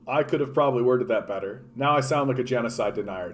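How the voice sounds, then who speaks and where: A man talking off the cuff on a stream, his voice sitting at an ordinary middle pitch. He rambles in a loose, profane way, leaning on "like" and stopping to answer chat. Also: fast talker, few pauses. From Canada. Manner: profane, animated, filler-heavy, reacting to chat. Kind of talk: casual political rant.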